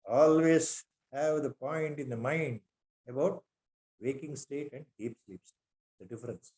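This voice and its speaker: A man's voice: on the high side, darkish tone. Indian man giving a spiritual lecture. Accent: Indian English. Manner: repeats rhetorical questions, sprinkles Sanskrit terms. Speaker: lecturer on scripture.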